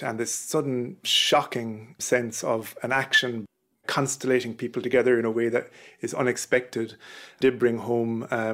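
A man, a poet guest, speaks thoughtfully and hesitantly, pausing as he reflects. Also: medium pitch. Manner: hesitant, thoughtful, with pauses and fillers. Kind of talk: reflective interview talk.

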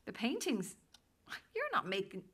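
An actress playing a flustered wife caught keeping a secret in a radio drama, defensive and pleading. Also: female voice, mid-range voice, very animated, a little slow, fairly bright tone, breathy edge, full character voice. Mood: puzzled.

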